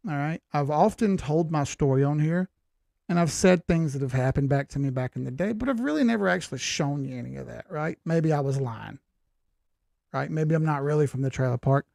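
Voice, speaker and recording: A man's voice: fairly high pitch, brisk, gravelly, darkish tone, dry recording, studio quality. A man in his forties hosting a crypto chart analysis show in a folksy, rambling, jokey way. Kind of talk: casual chart analysis talk.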